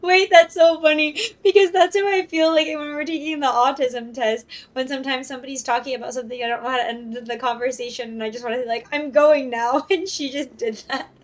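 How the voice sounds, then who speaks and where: Woman, streamer, casual gameplay commentary, giggly, chatty, slightly high pitch. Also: fairly even intonation, quick pace, few pauses. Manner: giggly, chatty, jokey asides.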